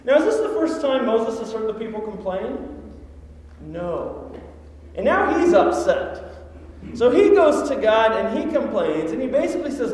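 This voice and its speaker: A man's voice: very high voice, sing-song, normal speed, a little mellow, a little hiss or hum. A man preaching a sermon as pastor, telling a story and asking rhetorical questions. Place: large echoing church hall. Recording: echoey hall reverb.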